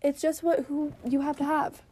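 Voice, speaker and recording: A woman reviewing a TV episode in a casual, animated chat, swearing freely and filling her sentences with "like", while she drinks. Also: high-pitched, normal speed.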